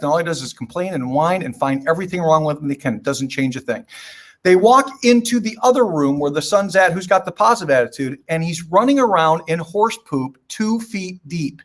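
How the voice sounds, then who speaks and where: An older man with a notably high-pitched voice talks as a podcast guest. He drives his points home in short, emphatic, preachy phrases and often slips into stories. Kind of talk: motivational podcast talk.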